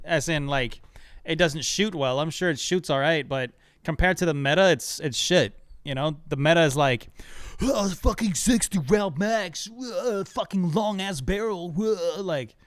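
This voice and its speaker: Young man, streamer, slightly high voice, smooth, dry close sound, swearing, rambling game chat. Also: fairly bright tone, no room sound. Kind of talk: casual gaming stream chat.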